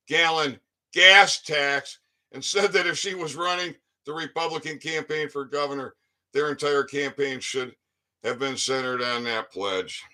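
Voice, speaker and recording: An online commentator from Michigan reads a news article aloud and keeps breaking into angry, profane commentary. He swings from low muttering to shouting.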